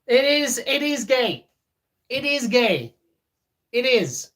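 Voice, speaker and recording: Slow-talking man teasing chat. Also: extremely high pitch, sing-song, fairly bright tone. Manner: joking, teasing, reads chat aloud; many fillers and restarts. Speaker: streamer. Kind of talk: casual live-stream chat.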